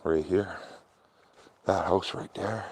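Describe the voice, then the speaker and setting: A man with a very low, deep voice rambles casually to his viewers as he walks outdoors along a quiet street. He talks in a loose, chatty way and sounds warm and a little sweaty from walking. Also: steady tone, slow pace, breathy edge. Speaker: vlogger. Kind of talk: casual chat while walking.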